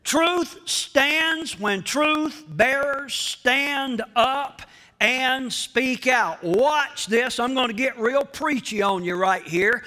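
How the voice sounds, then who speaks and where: A man preaching a sermon as pastor, slow and emphatic, repeating key phrases and speaking straight to the congregation. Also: extremely high pitch, pushed and bright. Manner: addresses the congregation directly.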